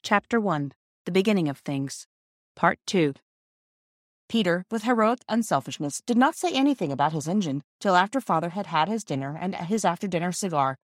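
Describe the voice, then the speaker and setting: A woman reading a classic children's novel aloud as an audiobook narrator, with measured storytelling and voices for the characters. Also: fairly low pitch, animated, dry recording, clean studio sound. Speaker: audiobook reader. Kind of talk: scripted narration.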